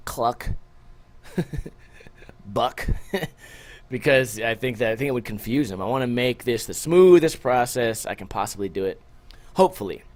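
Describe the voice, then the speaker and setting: A man hosting a podcast alone, rambling casually and joking with a lot of swearing, short on sleep. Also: mid-range voice. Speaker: podcast host. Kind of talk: casual solo podcast chat.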